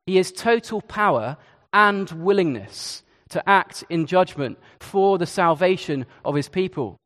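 A man's voice: high-pitched, animated, a little slow, fairly bright tone, in a large hall. A man preaching a sermon in a conversational way, with hesitations and asides. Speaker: Church of England preacher.

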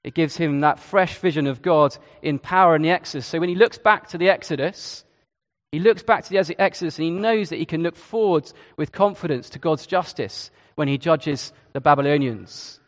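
A man's voice: fairly high pitch, a little fast, in a large hall. A man preaching a sermon in a conversational way, with hesitations and asides. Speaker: Church of England preacher.

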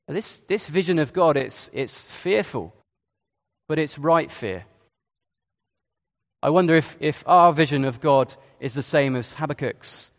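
A man's voice: on the high side, expressive, unhurried, in a large hall. A man preaching a sermon in a conversational way, with hesitations and asides. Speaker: Church of England preacher.

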